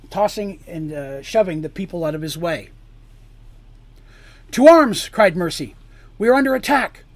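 In a dry recording, a man gives a dramatic reading of a fantasy tale. He sinks into a low hush for the grim parts and gets louder when things turn tense.

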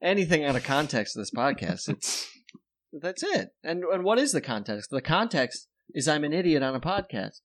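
A man's voice: fairly high pitch, very animated, fairly bright tone. A man hosting a podcast, rambling through casual comedic banter and laughing often. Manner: jokey, rambling, quick to laugh. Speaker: podcast host.

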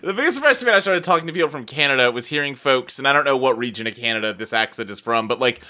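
A man's voice: medium pitch, expressive, racing, bright, forceful tone. A man from Ohio co-hosting a podcast in easygoing casual chat, laughing often. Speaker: podcast co-host.

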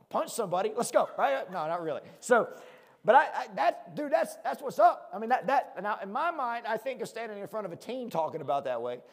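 A man's voice: high voice, big pitch swings, a little fast, long reverb tail. A man with a rural American country accent, preaching a conversational sermon, fired-up and self-deprecating, often asking his listeners "right?". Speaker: pastor.

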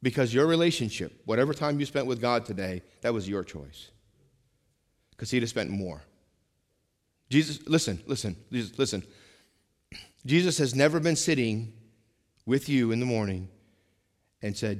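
A pastor preaches in a resonant hall, his mid-range male voice trailing off in long reverb. He pushes some lines hard and drops others to a near hush. He keeps circling back to the same phrases. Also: mid-range voice, unhurried, long pauses. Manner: animated preaching, swings between loud emphasis and hushed asides, repeats lines. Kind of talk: sermon.

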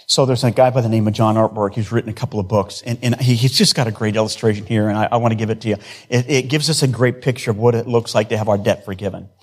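A man's voice: on the low side, steady tone, fast talker, few pauses. A man preaching a sermon in an earnest way, building emphasis through repeated phrases. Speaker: pastor.

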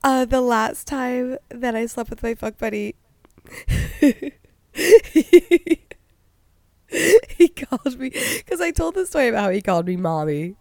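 A woman's voice: fairly high pitch, lively intonation, slow, a little mellow, no echo, studio quality. A young woman telling a funny story in casual chat, with a cold, laughing constantly and saying "like" a lot. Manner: giggly, laughs constantly mid-sentence, lots of likes. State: has a cold.

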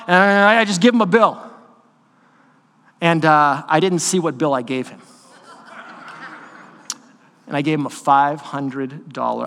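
Preaching in a church sanctuary, this high-pitched man delivers his sermon as animated, conversational storytelling punctuated by quick asides, with the church's long hall reverb audible throughout.

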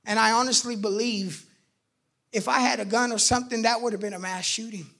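High bright gravelly-voiced man testifying. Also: brisk. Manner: animated, acts out quotes, bursts loud. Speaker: testimony speaker. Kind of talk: personal faith testimony storytelling.

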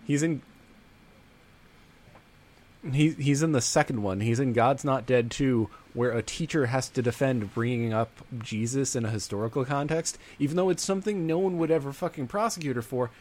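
A man's voice: medium pitch, a little fast, hardly any pauses, a little mellow. A man co-hosting a casual podcast, sardonic and swearing casually. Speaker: podcast co-host. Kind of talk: casual chat.

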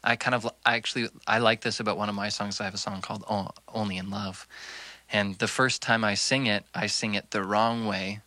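A man's voice: fairly low pitch, steady tone, fairly quick, bright, forceful tone, no room sound. A man, a guest musician, chatting casually between songs in a basement, loose and thoughtful, laughing often.

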